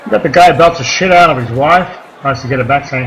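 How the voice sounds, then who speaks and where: A man performing a stand-up comedy set, rambling between deadpan one-liners and crude asides. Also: a little high, fast, dull audio. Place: comedy club stage. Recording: live club recording with crowd noise. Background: audience laughter and room noise.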